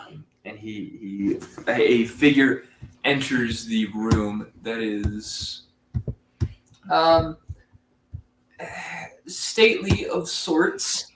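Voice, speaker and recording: A male game master narrates slowly, stumbling through ums and restarts. He sits back from the mic in an echoey room, with faint ambience behind him. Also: on the low side, animated, recorded from a distance, slight background noise. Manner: halting, full of ums and restarts.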